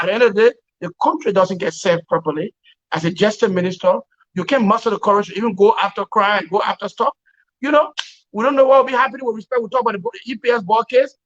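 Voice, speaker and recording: A man's voice: sits high, fast talker, a bit bright. A man giving emphatic political commentary over a remote call, repeating words and laughing wryly. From Liberia. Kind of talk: opinionated commentary on a talk show. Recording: dull lo-fi call audio.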